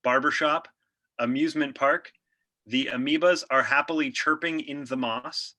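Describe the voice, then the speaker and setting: Hesitant, low-key man. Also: steady tone, moderate pace, bright, forceful tone. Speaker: improv performer. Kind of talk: casual chat.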